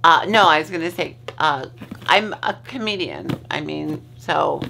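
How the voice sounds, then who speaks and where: A woman's voice: sits low, animated, a little slow, gravelly, slight background noise. A woman vlogger chatting casually from her bed at home, rambling, losing her train of thought and swearing freely. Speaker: vlogger host. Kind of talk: casual chat.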